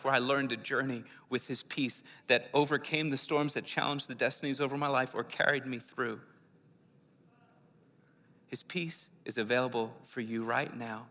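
A man's voice: mid-range voice, pushed and bright. A man from Philadelphia preaching a sermon, telling his own testimony in an earnest, conversational way. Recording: long hall reverb.

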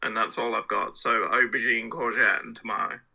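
A man playing along in a casual quiz, lively and quick to laugh. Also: on the low side, gravelly. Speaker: quiz contestant. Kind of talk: casual podcast chat.

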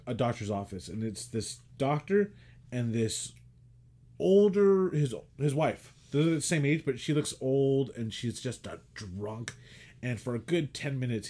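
A man co-hosting a podcast, retelling an old movie in casual chat, acting out quotes and swearing freely. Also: mid-range voice. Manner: animated storytelling, acts out quotes, swears and laughs. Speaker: podcast co-host.

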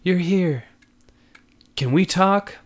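A man's voice: high voice, drawn-out words, voice pushed up. A man voicing an exasperated young girlfriend who stammers when flustered.

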